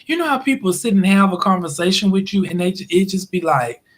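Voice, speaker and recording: A man's voice: high voice, expressive, fast talker. A man, telling rambling stories in a casual livestream and often laughing. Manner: chatty, rambling, laughs often, acts out quoted voices. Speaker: YouTube live streamer. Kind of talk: casual storytelling monologue.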